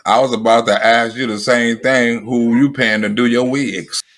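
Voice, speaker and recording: A man's voice: medium pitch, steady tone, normal speed, fairly bright tone. A male comedian hosting a show, delivering brash, mocking commentary full of profanity. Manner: brash, mocking, heavy cursing. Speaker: comedian host.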